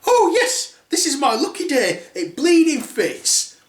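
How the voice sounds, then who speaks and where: A man voicing squabbling, coarse ugly stepsisters in a shrill high voice. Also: big pitch swings, normal speed, roomy sound, far from the mic.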